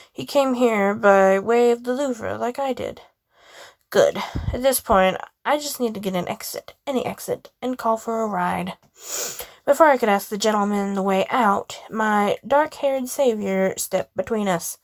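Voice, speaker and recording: A woman reading a first-person game story aloud, expressive, with casual asides. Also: mid-range voice, a little slow, dry recording.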